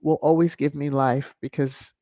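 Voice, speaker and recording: A woman's voice: low voice, fairly even intonation, normal speed, warm tone, no room sound. A woman hosting a celebrity news commentary vlog, sassy and emphatic, repeating phrases for effect. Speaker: vlog host. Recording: dry, dull lo-fi sound.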